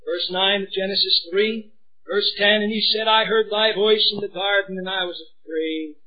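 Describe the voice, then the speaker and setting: Impassioned high-voiced preacher, lo-fi. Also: male voice, fairly even intonation, moderate pace. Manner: impassioned, swings from hushed pleading to shouting. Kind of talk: sermon.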